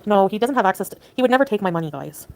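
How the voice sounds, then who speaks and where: A woman from Canada livestreaming, venting quietly and talking to her chat. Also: mid-range voice, animated, racing, vocal fry. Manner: subdued, venting, talks to chat.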